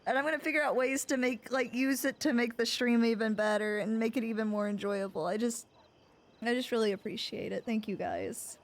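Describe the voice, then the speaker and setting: A woman's voice: a little high, fairly quick. A young woman streaming live and chatting casually, gushing and near tears, rambling as she repeats herself.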